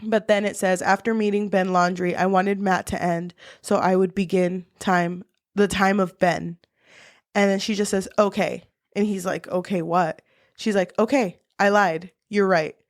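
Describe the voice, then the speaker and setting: A woman's voice: medium pitch, little pitch movement, normal speed. A young woman co-hosting a podcast in casual book-discussion chat, retelling a plot with lots of laughs and casual swearing. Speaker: podcast co-host.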